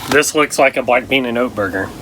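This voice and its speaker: A man's voice: medium pitch, fairly quick, gravelly, noisy background. A man chatting casually in a vlog, a laid-back and enthusiastic storyteller. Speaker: vlogger.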